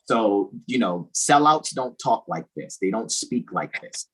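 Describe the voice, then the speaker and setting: A man's voice: on the low side, animated, unhurried, a bit bright, husky, poor audio. A man hosting a casual podcast, talking in an emphatic, preachy way and often repeating "all righty". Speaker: host.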